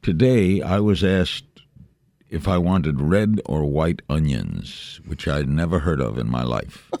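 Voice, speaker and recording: Old guy in his 80s, super deep voice, quick rambling stories, dry close mic. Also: lively intonation, darkish tone, no room sound. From New York. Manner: brisk, anecdotal, jumps between thoughts. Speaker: interview guest, veteran broadcaster. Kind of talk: casual interview chat.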